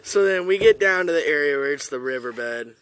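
A man telling a comic story in a profane, animated way, swearing constantly. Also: on the high side, fairly quick, dry recording. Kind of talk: comedic storytelling.

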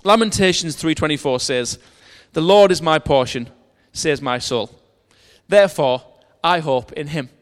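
A preacher, his voice a little high for a man, earnestly weaves a personal story around scripture readings, often restarting phrases and never rushing. A hall's long reverb trails after each line.

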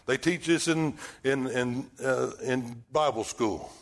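A man preaching a folksy sermon, swinging from loud bursts down to hushed lines. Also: mid-range voice, slow. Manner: animated, swings from shouting to near-whisper, folksy.

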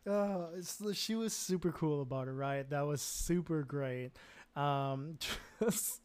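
A man's voice: fairly high pitch, slow, smooth. An American man hosting a casual solo podcast, telling stories in a rambling, self-deprecating way with frequent chuckles and fillers. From United States. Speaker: podcast host.

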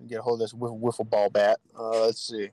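A man co-hosting a casual chat, joking and profane, quick to laugh. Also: on the low side, little pitch movement, a little mellow. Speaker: podcast co-host.

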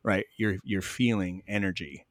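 A man calmly telling stories in an interview, acting out both sides of each conversation. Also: sits low, moderate pace, no echo, studio quality. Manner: animated, acts out both sides of dialogue. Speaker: guest, spiritual medium. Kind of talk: conversational storytelling.

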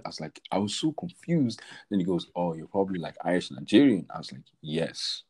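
Podcast co-host, young man, deep husky voice, loose slang-heavy storytelling. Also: sing-song, fairly quick, darkish tone, poor audio. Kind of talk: casual chat.

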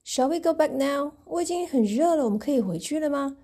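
A woman voicing excitable, childlike elephants in a storybook reading, exclamatory and easily amazed. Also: high voice, fast talker, pitched above the performer's own voice. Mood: relieved.

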